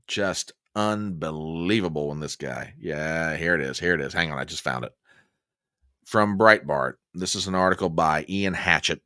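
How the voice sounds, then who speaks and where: A man's voice: animated, a little slow, no echo, studio quality. A man hosting a political commentary show, ranting angrily and sarcastically. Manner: angry, sarcastic, swinging between low growl and shouting.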